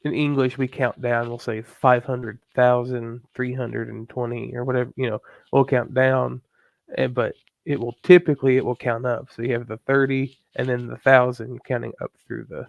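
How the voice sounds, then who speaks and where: A man's voice: mid-range voice, flat delivery, moderate pace, creaky, dry recording. A man in a live study group chatting casually and rambling through an explanation. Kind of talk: casual chat in live stream.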